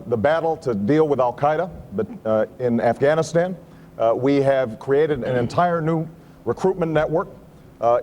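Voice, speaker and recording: Halting candidate answering in a hall. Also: male voice, mid-range voice, a little mellow. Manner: deliberate, halting with many "uh" pauses. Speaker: presidential candidate. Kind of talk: debate answer. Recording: reverberant hall, faint noise.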